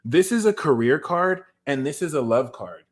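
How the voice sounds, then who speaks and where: A man giving a casual, animated tarot reading, talking straight to his viewers with slangy asides. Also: a little high, moderate pace. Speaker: tarot reader.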